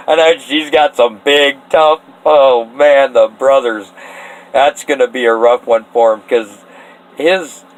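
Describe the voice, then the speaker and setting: A man from Eastern Washington pitching a story idea in a rambling, earnest, often emotional way, laughing between thoughts. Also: rough recording. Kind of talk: casual spoken story pitch.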